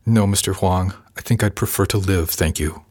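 A man's voice: medium pitch, normal speed, dry recording, clean studio sound, lightly acted. A man voicing a frightened, harassed woman crew member speaking in a small, bitter voice.

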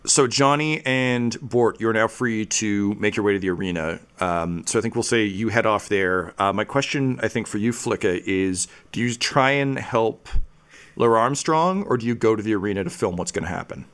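Guy running a tabletop game, lowish voice, lots of ums while he narrates. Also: clear, resonant tone. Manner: relaxed, many fillers and pauses while narrating. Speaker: game master.

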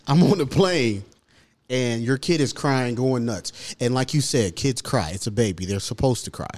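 A man's voice: mid-range voice, unhurried, a little mellow. A man co-hosting a podcast, arguing in a profane, casual chat. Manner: argumentative, profane. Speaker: podcast co-host.

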